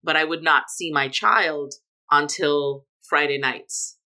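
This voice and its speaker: A middle-aged woman from Jamaica, a guest telling her story in a relaxed interview, with emphatic lifts on key words. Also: low voice, takes it slowly. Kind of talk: casual conversational interview.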